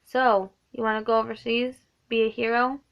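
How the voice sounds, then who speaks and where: Girl reading as a calm tired old doctor man in a storybook, gravelly voice. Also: on the high side, normal speed, lo-fi sound. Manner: read plainly in her own voice. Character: tired older male German doctor, calm and shrewd.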